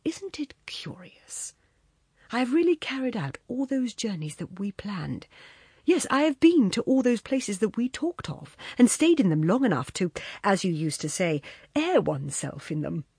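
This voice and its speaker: A woman's voice: mid-range voice, big pitch swings, moderate pace, a little mellow, husky, no echo, studio quality. A woman reading the lines of a wistful, self-assured man in an audiobook story, reminiscing and lightly boastful. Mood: musing.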